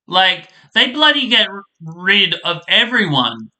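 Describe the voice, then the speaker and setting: Slow, bright-voiced ranting man. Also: high voice, sing-song. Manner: profane, exasperated, rambling. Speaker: vlogger reviewing a soap opera. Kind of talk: casual ranting commentary.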